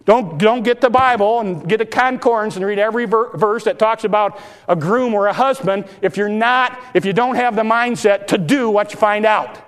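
High-pitched preacher man. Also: moderate pace, few pauses. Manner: impassioned, pitch rising when exhorting; acts out Bible dialogue in folksy speech. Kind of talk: sermon.

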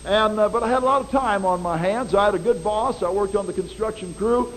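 A middle-aged man preaching a sermon in a folksy, animated way, with dramatic swings in his voice. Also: high voice, a little fast, slight background noise, poor audio.

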